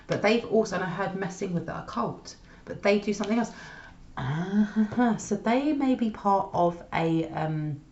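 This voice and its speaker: A woman's voice: fairly low pitch, darkish tone. Woman pulling tarot cards, echoey room. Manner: exclaims and repeats questions while pulling cards. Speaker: tarot reader. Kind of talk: channeled tarot reading, thinking aloud. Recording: dull, echoey room with faint noise.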